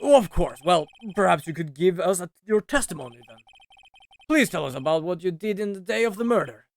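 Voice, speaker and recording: A man's voice: lively intonation, fairly quick. A man voicing an absent-minded, flustered old judge in a fussy, raised voice. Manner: fussy, louder and higher than his own talk.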